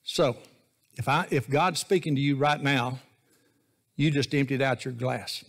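A man's voice: medium pitch, unhurried, fairly bright tone. Folksy preacher man. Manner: folksy, joking, conversational preaching. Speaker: associate pastor. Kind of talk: sermon.

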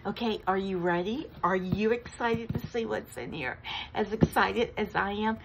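A woman, vlogging an unboxing with gushing, breathless excitement and frequent gasps. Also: mid-range voice, moderate pace, gravelly, background noise. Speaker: crafting vlogger. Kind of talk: unboxing vlog chat.

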